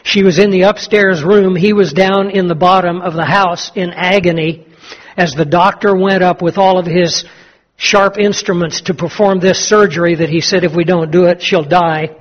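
A man with a high voice preaching a sermon. He tells a story and then slows down to stress each point. The recording is dull and lo-fi. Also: fairly even intonation. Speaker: pastor.

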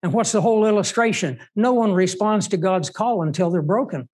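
A man's voice: high-pitched, fairly quick, darkish tone, breathy edge. A man preaching a sermon in an emphatic way, asking rhetorical questions.

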